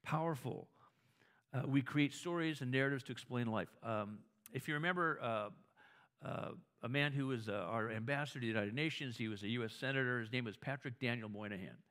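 A man's voice: medium pitch, brisk, fairly bright tone. A man preaching a conversational sermon, telling stories, often restarting his words and asking the audience whether they agree. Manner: storytelling, asks the audience for agreement; frequent restarts and repeated words.

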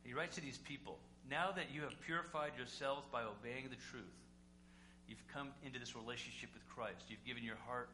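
A male pastor preaching a sermon conversationally, asking rhetorical questions and swinging between loud and quiet. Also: mid-range voice, a little fast. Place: church sanctuary. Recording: echoey room with faint hum.

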